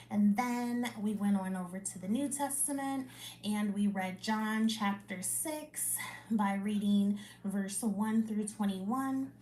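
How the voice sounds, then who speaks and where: A woman hosting a livestream, reading scripture aloud and then chatting casually with viewers in a relaxed way, full of fillers like "like" and "um". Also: medium pitch, a little hiss or hum. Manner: unhurried, relaxed, with many fillers like "like" and "um". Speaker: livestream Bible reading host. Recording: echoey room.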